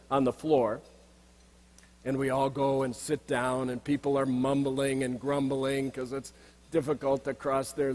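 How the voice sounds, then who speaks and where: In a banquet hall with long reverb, a middle-aged executive coach tells stories in a reflective, anecdotal speech while pointing out slides. His voice is mid-range with a darkish tone.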